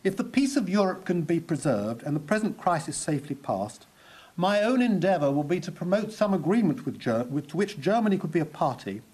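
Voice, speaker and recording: A man giving a history lecture, measured and reading quotations aloud. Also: on the high side, darkish tone, breathy edge, low-quality recording.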